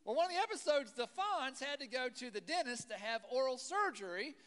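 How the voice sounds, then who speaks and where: High-voiced pastor in a reverberant church. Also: male voice, brisk. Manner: conversational, animated with asides and rhetorical questions. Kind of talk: sermon. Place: church hall. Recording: long hall reverb.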